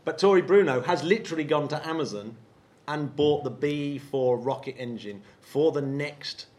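A man from England co-hosting a space podcast in casual, excitable chat, laughing often. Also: a little high, normal speed. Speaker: podcast co-host.

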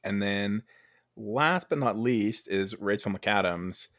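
A man's voice: fairly low pitch, takes it slowly, dry recording, clean studio sound. A man hosting a casual chat about a film, talking loosely with many fillers and restarts. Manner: relaxed, hesitant with many fillers.

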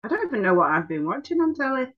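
A woman's voice: on the high side, very animated, rapid-fire, slightly rough. Woman, casual podcast co-host, easygoing and giggly, slightly muffled recording. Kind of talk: casual chat.

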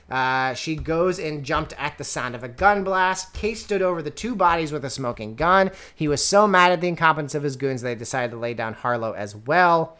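A woman with a somewhat low voice chats casually on a podcast. She recaps a story with sardonic exasperation and lands her complaints through emphatic repetition. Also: lively intonation, a little fast, hardly any pauses, a bit bright. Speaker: podcast co-host reviewing a book. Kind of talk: casual chat.

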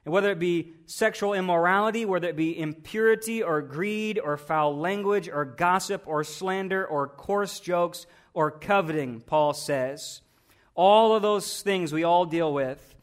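A man with a fairly high voice delivers a sermon as a pastor. He talks to the congregation in a loose, conversational way, with rhetorical questions and frequent repeated words. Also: measured pace.

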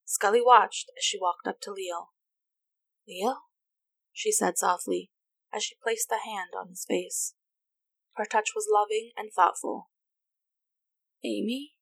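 A woman reading a story aloud as narrator, in an even, unhurried manner. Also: mid-range voice, gravelly, no echo. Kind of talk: reading fan fiction aloud.

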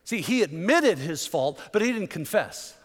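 Male pastor, fervent sermon, rhetorical questions, high voice, long church reverb. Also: big pitch swings, normal speed. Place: church sanctuary.

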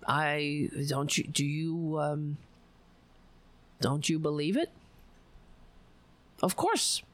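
A woman with a deep voice speaks very slowly as she hosts a livestream. Close to the mic, she rants casually about politics, profane and sarcastic.

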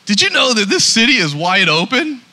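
Man, pastor, sermon, high-pitched, sharp bright tone, emphatic. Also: sing-song, brisk. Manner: emphatic, repeats words when starting sentences.

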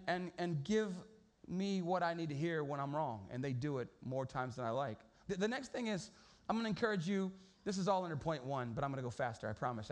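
A man preaching a sermon in a casual, storytelling way, often repeating words as he goes. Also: high-pitched. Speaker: pastor.

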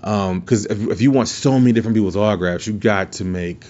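A lower-voiced man chats through a story as a podcast host, swearing freely and circling back on himself mid-sentence. The recording sounds dull and lo-fi. He talks loosely and never sounds scripted. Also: quick pace, darkish tone. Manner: profane, rambling, lots of restarts. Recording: muffled lo-fi recording.

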